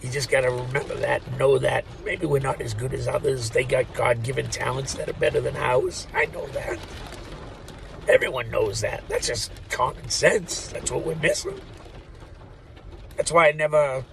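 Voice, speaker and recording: A man's voice: mid-range voice, moderate pace, gravelly, slight background noise, poor audio. A man who works at a post office, rambling in an opinionated monologue to the camera, swearing freely and laughing at his own jokes. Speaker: postal worker vlogger.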